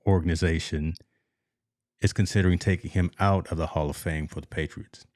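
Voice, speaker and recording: Man, deep voice, dry sound, sports talk host, casual, repeats words. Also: steady tone, a little fast, a little mellow, dry recording. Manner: laid-back, repeats words when starting. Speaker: podcast host.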